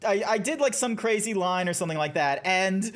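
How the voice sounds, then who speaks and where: A man's voice: high voice, expressive, brisk, fairly bright tone. A man chatting casually on a game stream, telling a rambling story full of restarts and self-corrections. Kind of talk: casual gaming stream chat.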